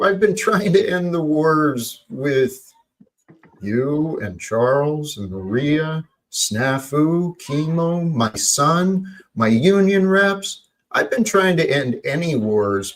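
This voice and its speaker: A man hosting a livestream panel, talking slowly and pleading for calm in a heated chat. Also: fairly high pitch, low-quality recording.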